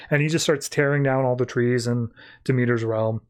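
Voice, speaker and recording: A man's voice: medium pitch, steady tone, normal speed. A man hosting a podcast, casually recapping a comic in a chatty, rambling way full of 'like'. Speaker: podcast host.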